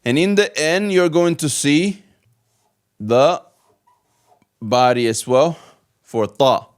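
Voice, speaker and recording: Here a man who teaches Arabic speaks slowly in a clean, somewhat high voice. He leads a gradual alphabet lesson, patiently saying every letter sound again and again.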